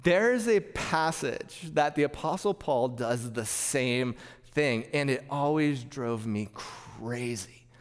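A man's voice: medium pitch, expressive, slow pace, smooth. A man preaching a sermon through a clip-on mic, telling a personal story with frequent stammering restarts. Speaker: pastor. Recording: long hall reverb.

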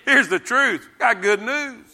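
A man's voice: very high voice, slow pace, pushed and bright. A man preaching a sermon, emphatic and repetitive, leading the congregation to read verses with him. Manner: emphatic, repeats phrases, calls congregation to respond.

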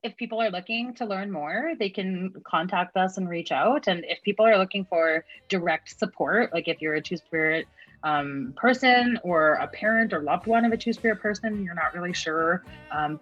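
Soft-spoken woman, heartfelt interview guest. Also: lowish voice, moderate pace, no echo, faint music behind. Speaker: community liaison, interview guest. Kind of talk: earnest interview answers. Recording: dull, dry lo-fi sound.

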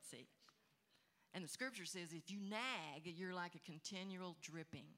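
A woman pastor giving marriage advice on a panel, animated, acting out husbands and wives in quick quoted lines. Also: fairly low pitch. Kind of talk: animated teaching talk.

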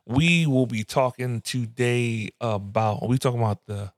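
A man's voice: mid-range voice, normal speed, no echo, clean studio sound. A man co-hosting a casual podcast, joking around and laughing often. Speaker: podcast co-host.

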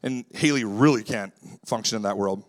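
A male pastor preaching a sermon in a relaxed, conversational way, weaving in stories about his daughters and acting out what he says to them. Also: lowish voice, normal speed. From Canada. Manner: lively, acts out his own voice when quoting himself.

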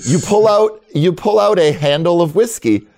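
A man's voice: high voice, animated, moderate pace, a little mellow. A man running a tabletop game as game master, describing scenes in a chatty, laughing way.

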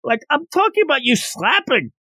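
A man doing a shrill, exasperated coach. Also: very animated, moderate pace, no room sound, exaggerated voice. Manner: shrill, incredulous yelling. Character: exasperated forty-year-old male baseball coach.

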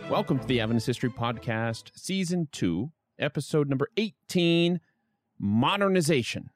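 Man, history podcast host, scripted narration, wry asides, very animated pitch, dry sound. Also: moderate pace, dry recording, faint music behind. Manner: lively storytelling with wry asides.

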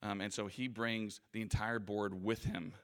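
Low-voiced man telling stories to an audience. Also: level tone, normal speed, a bit bright. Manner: conversational, self-deprecating storyteller. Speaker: guest speaker. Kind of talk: anecdotal motivational talk. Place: in front of a live audience.

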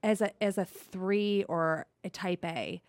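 A woman's voice: medium pitch, slow, no room sound. Woman in her 30s co-hosting, chatty and laughing, dry close sound. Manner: warm, laughing, frequent mm-hmms. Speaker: podcast co-host and interviewer. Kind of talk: casual chat.

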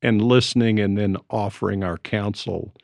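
A man in his seventies telling stories in a relaxed, reflective conversation as co-host. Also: lowish voice, moderate pace, creaky, no echo, clean studio sound. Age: 70s. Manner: storytelling, reflective. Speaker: podcast co-host. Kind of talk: casual conversation. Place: Colorado.

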